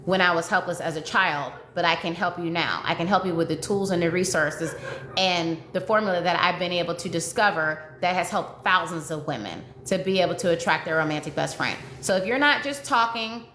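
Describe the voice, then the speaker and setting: A woman's voice: lowish voice, fairly quick, fairly bright tone. A woman dating coach talking live with her viewers, emotional and repeating herself as she pleads and reassures. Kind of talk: livestream chat with viewers. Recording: echoey room with faint noise.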